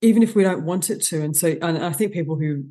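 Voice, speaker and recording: A woman, a guest expert on stress, explaining with animated enthusiasm in a podcast interview. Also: fairly low pitch, quick pace. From Australia.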